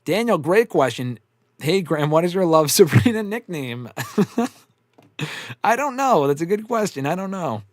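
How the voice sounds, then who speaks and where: A man hosts a casual live stream, reading viewers' messages aloud and riffing on them with frequent laughter and plenty of swearing. His voice sits somewhat high and swings widely in pitch. The sound is dry and close, with no room echo. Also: unhurried, pauses often. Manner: swears often, laughs a lot, animated and rambling. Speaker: host answering live chat.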